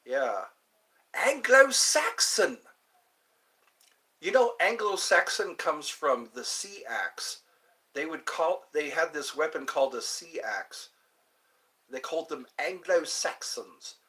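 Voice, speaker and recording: A man's voice: a little high, animated, unhurried, pushed and bright. A man hosting a livestream, chatting in a rambling, amused way that keeps drifting into asides, heard through a computer mic. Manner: meandering, amused, trails off into asides. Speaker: livestream host. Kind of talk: rambling casual chat to viewers.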